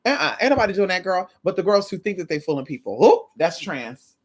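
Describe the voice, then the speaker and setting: This commentary host has a lowish voice and talks very fast, with a slight lisp. Addressing the viewer directly, she reacts casually and sassily, full of animation, drawling "girl."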